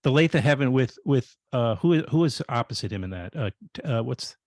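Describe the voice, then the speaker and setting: Halting male interviewer, dry sound. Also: medium pitch, expressive, a little mellow, dry recording. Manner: rambling, halting questions with many restarts. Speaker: interview host. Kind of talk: casual interview chat.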